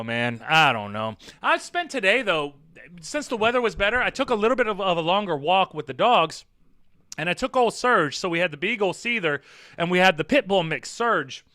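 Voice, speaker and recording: A man's voice: high-pitched, pushed and bright, no room sound, clean studio sound. A man chatting casually with his viewers on a live stream, rambling, swearing and teasing, often laughing.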